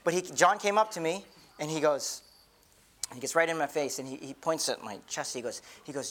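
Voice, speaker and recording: A man's voice: on the high side, brisk, fairly bright tone. A middle-aged man, a pastor, giving an earnest, conversational sermon with many repeated restarts.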